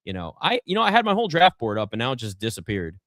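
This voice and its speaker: A man's voice: medium pitch, huge pitch swings, quick pace, a bit bright, no room sound. A man hosting a live basketball draft show from a garage set, chatting casually and rambling with self-deprecating asides. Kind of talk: casual live sports chat.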